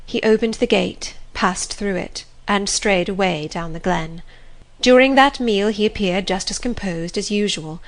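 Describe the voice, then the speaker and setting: A woman narrating a classic novel in a calm, gentle manner. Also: mid-range voice, measured pace. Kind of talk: scripted audiobook narration.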